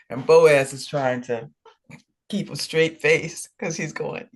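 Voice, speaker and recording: Male ministry co-host, unhurried Bible storyteller, playful voices for characters. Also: on the high side, animated, a bit bright. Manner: storytelling, acts out dialogue. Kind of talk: conversational Bible teaching.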